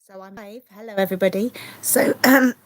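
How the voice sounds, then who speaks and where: A woman's voice: fairly high pitch, expressive, moderate pace, darkish tone. A woman teaching a live tap dance lesson from a kitchen, a little out of breath, chatty with many ums and restarts. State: slightly out of breath. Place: kitchen of a small bungalow. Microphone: phone set on the floor. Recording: roomy sound from a distance.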